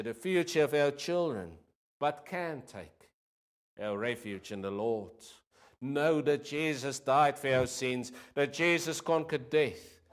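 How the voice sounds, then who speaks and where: Male preacher, mid-pitched, slow and deliberate, earnest sermon delivery. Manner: earnest, swelling then dropping on key phrases.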